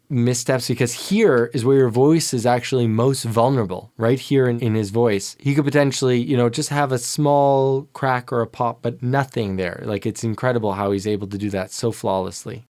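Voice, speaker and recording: A man's voice: medium pitch, a little mellow. A man working as a vocal coach, reacting to a song and explaining singing technique in an admiring, analytical way. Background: faint music from the played clip.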